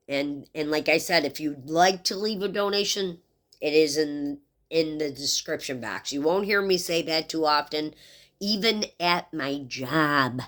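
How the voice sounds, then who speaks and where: Middle-aged woman with a low voice, tarot reader, rambling and heartfelt vlog delivery. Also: fairly bright tone. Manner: rambling, heartfelt, talks straight to viewers. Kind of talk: casual tarot reading vlog.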